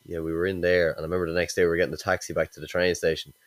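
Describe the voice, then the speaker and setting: A man's voice: sits low, level tone, no echo. A man hosting a podcast, chatting casually and agreeably with his guest. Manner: quick, easygoing, agreeable. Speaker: podcast host.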